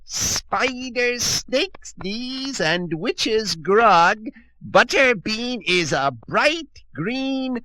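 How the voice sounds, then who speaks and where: A man voicing a cranky old female witch in a storybook reading, rasping and squawking, hissing her spells in a singsong. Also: very high-pitched, lively intonation, very slow, sharp tone, no echo, pitched above the performer's own voice, full character voice. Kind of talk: storybook read-aloud.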